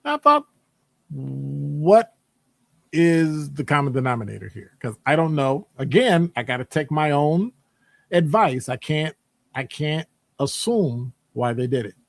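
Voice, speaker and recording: A man talking casually in a rambling monologue, animated and digressive, jumping into high voices when quoting people. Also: measured pace, gravelly, no room sound. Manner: conversational, digressive. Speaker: podcast host; academic department member.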